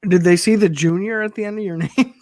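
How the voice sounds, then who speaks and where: A man's voice: high-pitched, fairly even intonation, brisk, a little mellow, no echo, clean studio sound. Laughing, teasing male podcast co-host. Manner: laughs a lot, teasing, profane reactions. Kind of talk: casual chat.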